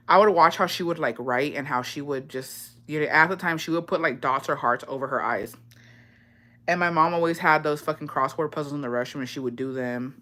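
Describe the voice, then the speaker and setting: Young woman vlogger, lowish voice, casual slangy confessional, swears a lot. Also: fairly bright tone. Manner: profane, slangy, breaks into laughter.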